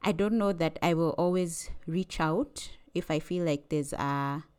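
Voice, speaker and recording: A woman co-hosting a podcast who talks in a thoughtful, hesitant way, pausing with fillers as she reflects. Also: low voice, a little mellow, smooth. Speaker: podcast co-host. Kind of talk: casual chat.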